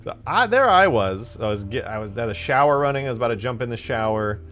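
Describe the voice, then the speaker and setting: A man's voice: mid-range voice, quick pace. Laid-back young man streaming, chatty. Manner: laid-back, animated storytelling. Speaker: streamer and modder. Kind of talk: casual live-stream chat.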